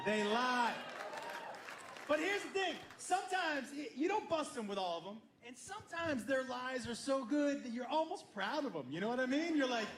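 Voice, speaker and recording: A middle-aged man tells a story on stage as a stand-up comedian, acting out each line of the dialogue. His voice sits very high for a man. The sound is roomy and echoey, with clear crowd noise behind him. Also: a bit bright. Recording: echoey room with audience noise. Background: audience laughter.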